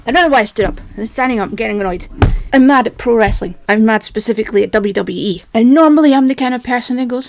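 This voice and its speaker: A woman's voice: fairly high pitch, fast talker. A woman ranting in an agitated, rambling, self-mocking monologue, a little out of breath. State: slightly out of breath. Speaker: vlogger.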